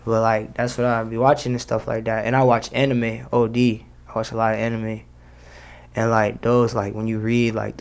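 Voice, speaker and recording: A young man with a gravelly edge and a flat, level delivery. He chats loosely in an interview, leaning on slang and filler words as he talks about himself. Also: medium pitch. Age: young adult. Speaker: rapper guest. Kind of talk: casual interview.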